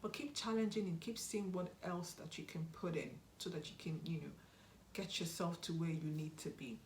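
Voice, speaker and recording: A woman's voice: fairly low pitch, normal speed, a little mellow, slight background noise. Earnest young woman, roomy echo. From Nigeria. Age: young adult. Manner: earnest, encouraging, repeats key advice. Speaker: YouTube host. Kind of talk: motivational vlog talk.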